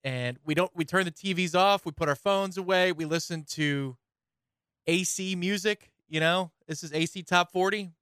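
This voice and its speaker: A man's voice: high-pitched, moderate pace, fairly bright tone, smooth, no room sound, studio quality. A radio co-host playing a cheery, awkward male party guest who rambles about good times. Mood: forced cheer. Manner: chatty, rambling.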